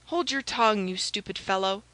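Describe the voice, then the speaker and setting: A woman's voice: mid-range voice, normal speed, fairly bright tone, no room sound, close to an everyday voice, low-quality recording. A woman doing an urgent young swordsman. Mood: impatient.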